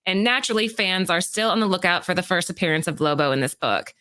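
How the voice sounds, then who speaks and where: A woman co-hosting a comic book podcast, reading prepared market rundowns in a steady, informative way and chatting casually. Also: mid-range voice. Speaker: podcast co-host.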